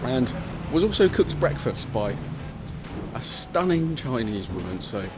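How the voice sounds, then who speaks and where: A young man tells the story of his own motorbike trip in a casual, cheeky way, mocking himself and getting excited now and then. His voice sits in a middle pitch. Music plays beneath his narration. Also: unhurried. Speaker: travel vlogger. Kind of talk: casual travel vlog with voice-over narration.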